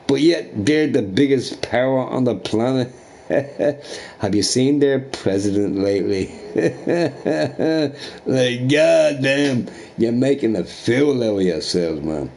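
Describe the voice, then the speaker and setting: A man chatting casually while streaming a game, rambling and swearing through animated rants and asking "right?" often. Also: medium pitch, takes it slowly, creaky. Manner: profane, ranting, animated opinions with frequent "right?".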